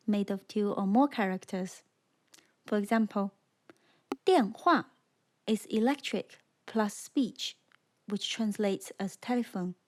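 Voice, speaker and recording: Slow, clear woman teaching a language. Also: mid-range voice, a little mellow. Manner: slow, clear, demonstrating tones. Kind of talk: scripted lesson narration.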